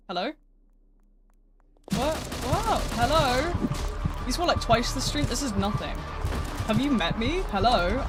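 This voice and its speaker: A man streaming a game live, chatting casually with his chat, swearing and laughing easily as he plays. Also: high voice. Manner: casual, excitable, swears and laughs often while reading chat. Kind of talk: live gameplay commentary. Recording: noisy with mouse and key clicks.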